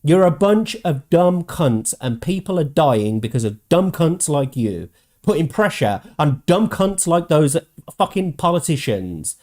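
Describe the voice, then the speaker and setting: A man hosting his own show, ranting angrily with constant swearing and mocking quotes in a higher voice. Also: big pitch swings, takes it slowly, a little mellow. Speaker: host. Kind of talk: ranting commentary.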